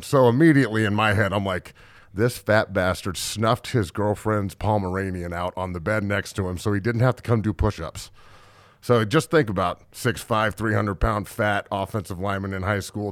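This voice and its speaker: A man in his thirties with a fairly low voice rants on his podcast, blunt and profane, and loudly acts out the people he quotes. He is recorded close on a studio mic, with a dry sound and no room echo. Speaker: podcast host and strength coach. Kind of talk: casual storytelling rant.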